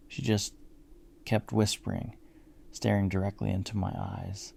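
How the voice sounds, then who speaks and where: A man with a deep, heavily gravelly voice tells a first-person horror story. His tone is dark and mellow, and he keeps a measured, grim pace of storytelling throughout. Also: flat delivery.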